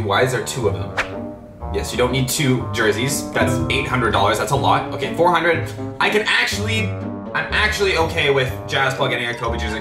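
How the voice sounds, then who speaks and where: Excitable young guy, echoey room. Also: fairly high pitch. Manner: excitable, panicky yelling and laughing. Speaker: YouTuber. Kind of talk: live reaction commentary.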